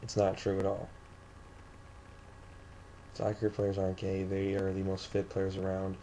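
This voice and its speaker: A man's voice: sits low, monotone, measured pace, dark tone, slight background noise. A young man from the St. Louis area, ranting indignantly in a vlog, rambling with many restarts. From St. Louis area, USA. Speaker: vlogger.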